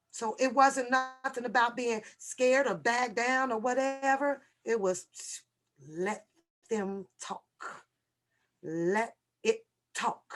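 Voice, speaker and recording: A woman's voice: on the high side, a bit bright. A woman hosting a casual livestream over a video call, brash and profane, often laughing and talking straight to her viewers. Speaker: livestream host.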